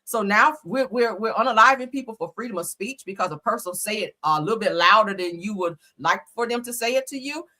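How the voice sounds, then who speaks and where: A woman's voice: medium pitch, lively intonation, brisk, hardly any pauses, sharp tone. A woman hosting a livestream, giving casual, slangy commentary and laughing often. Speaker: livestream host.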